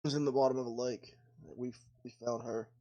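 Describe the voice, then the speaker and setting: A man's voice: medium pitch, flat delivery, fairly quick, warm tone, highs cut off. A man playing a tabletop game, describing his character's moves and cracking wry jokes. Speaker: player.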